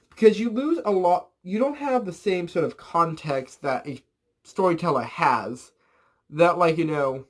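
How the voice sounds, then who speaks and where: High-voiced young man rambling a story. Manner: rambling, filler-heavy, animated storytelling with swearing. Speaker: vlogger. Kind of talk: casual storytime vlog.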